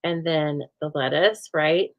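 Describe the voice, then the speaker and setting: A woman's voice: sits low, slow pace, dull audio. A woman hosting a live stamping demonstration, chatting playfully and answering viewer comments as she works. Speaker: craft show host. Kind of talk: live stamping demo chat.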